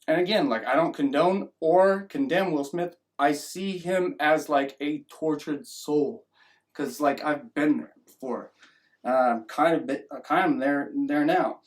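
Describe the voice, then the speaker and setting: A man's voice: a little high, unhurried. A man giving a rambling opinion monologue as a vlogger, often restarting and acting out mocking voices.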